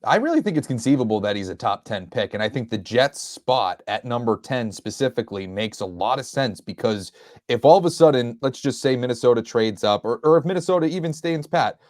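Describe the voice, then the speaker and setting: Man, mid-pitched, dry close sound, analytical podcast panelist. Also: animated, fairly quick, a little mellow, dry recording. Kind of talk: casual sports chat.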